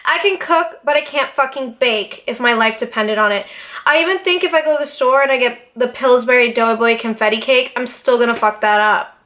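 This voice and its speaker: A young woman talking straight to her camera in a casual sit-down vlog, animated, dramatic and full of swearing. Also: on the high side, brisk. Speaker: YouTuber. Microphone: camera mic, seated in front of camera.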